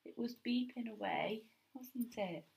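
Chatty mum vlogging at home. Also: female voice, a little high, unhurried, creaky, darkish tone, rough recording. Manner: candid, chatty, rambling. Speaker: parent vlogger. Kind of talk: casual home vlog chat. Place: family home, indoors.

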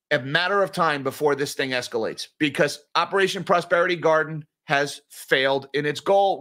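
Speaking to viewers he calls "guys," a man reads finance and market headlines and tosses in sarcastic asides. His voice is slightly high and a little bright, his manner informal.

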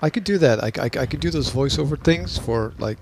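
A man's voice: medium pitch, animated, fast talker, creaky, noisy background. A man co-hosting a podcast in casual chat, rambling and teasing, with many restarts and laughs. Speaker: podcast co-host.

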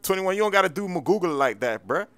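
A man's voice: high-pitched, expressive, quick pace, a bit bright. A man talking hesitantly and indignantly during a casual game roleplay.

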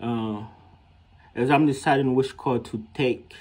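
A man with a husky, slightly rough voice talks to camera about his dating life. He is loose and slangy, laughing often and jumping up in pitch when he acts out what women said to him. His pitch sits in the middle for a man. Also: unhurried, a little mellow. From Haiti. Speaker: vlogger. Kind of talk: casual storytelling to camera.

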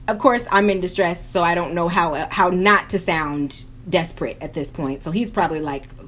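A woman's voice: on the low side, a little fast, a little hiss or hum. A young woman vlogging at home while doing her makeup, telling a story with lots of drama, slang and quoted voices, recorded on a camera mic. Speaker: beauty vlogger.

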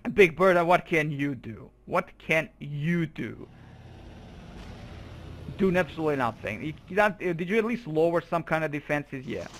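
Swearing, fairly high-voiced young man. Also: a bit bright, slight background noise. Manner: profane, exasperated running commentary with outbursts. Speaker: game commentator. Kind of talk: let's play commentary.

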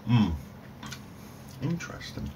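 A man doing a casual food review vlog at home in a dry, offhand, self-mocking way, recorded on an overhead phone. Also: takes it slowly. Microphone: overhead phone camera. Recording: faint room noise, phone audio.

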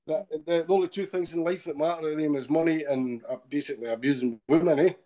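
A middle-aged man from Scotland speaks fast in a steady tone as a podcast guest, rambling through his story. His mellow, dark voice is a touch high for a man, and "eh?" keeps popping up as a questioning tag on his lines.

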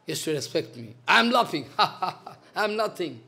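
A man's voice: high-pitched, sing-song, normal speed, vocal fry, pushed and bright, slightly rough. A man, a spiritual teacher giving a devotional lecture in a stern, scolding manner, repeating his points. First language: Bengali.

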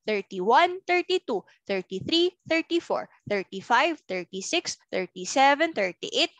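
A young woman teaching little children in a slow, patient, sing-song voice. She sits high in her range and swoops up and down as she sounds out each word. The recording is close and dry. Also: a bit bright, no room sound. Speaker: preschool teacher.

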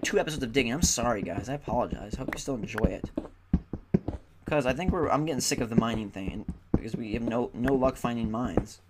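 A tired young man giving casual, chatty gaming commentary and grumbling at the game. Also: mid-range voice. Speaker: gaming YouTuber. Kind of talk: casual Let's Play commentary. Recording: loud background noise.

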